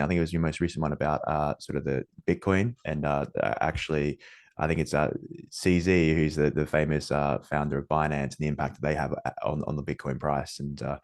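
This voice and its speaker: A man's voice: a bass voice, fairly even intonation, fast. A man hosting a podcast interview, asking his questions in hesitant, rambling phrasing. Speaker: podcast host.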